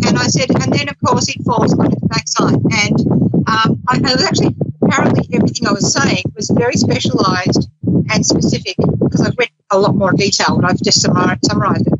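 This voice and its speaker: Chatty woman host, higher voice, muffled lo-fi stream sound. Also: brisk, heavy background noise. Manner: chatty, laughs often, acts out quotes. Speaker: psychic radio show host. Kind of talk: casual talk show chat. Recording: dull lo-fi stream audio.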